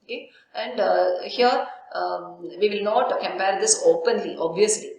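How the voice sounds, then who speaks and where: A woman's voice: mid-range voice, measured pace, vocal fry, a little mellow, a little hiss or hum. A woman university lecturer giving a recorded literature lesson, asking herself questions and answering them, often saying "okay". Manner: explains with frequent "okay" and rhetorical questions. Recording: very echoey room.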